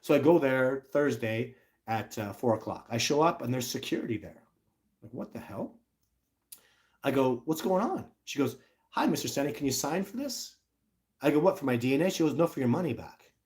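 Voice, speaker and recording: A man's voice: medium pitch, lively intonation, normal speed, darkish tone. A middle-aged man, telling a story on a livestream in a blunt, ranting way. He acts out other people's lines in mocking voices. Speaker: livestream host.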